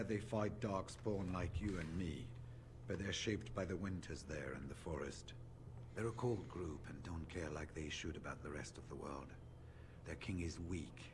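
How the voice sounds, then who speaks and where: An actor playing a weathered older male warrior in a video game, speaking in a measured, solemn way. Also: noisy background, close to an everyday voice. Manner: measured, solemn, low and confiding. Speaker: game character.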